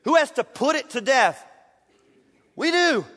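A man preaching a sermon as pastor, emphatic and playful, swinging from loud declarations to hushed, drawn-out phrases. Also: very high-pitched, animated. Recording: long church reverb.

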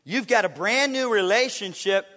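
A man preaching a sermon as pastor, emphatic and playful, swinging from loud declarations to hushed, drawn-out phrases. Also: high-pitched, animated. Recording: long church reverb.

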